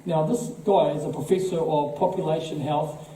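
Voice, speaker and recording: This is a political party speaker with a New Zealand accent giving a speech to a live crowd, relying on rhetorical questions and repetition to press his case. His fairly high voice has a very dark, mellow quality, a steady tone and a normal speed. The mic sits far from him in a big, echoey hall, with a little hiss or hum underneath.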